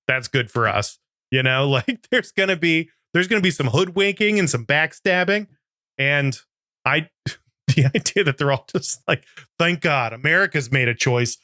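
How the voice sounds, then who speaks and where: A man's voice: mid-range voice, lively intonation, moderate pace, pushed and bright, no room sound, clean studio sound. A man co-hosting a podcast, chatting casually and joking with frequent laughs. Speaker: podcast co-host. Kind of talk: casual comedic chat.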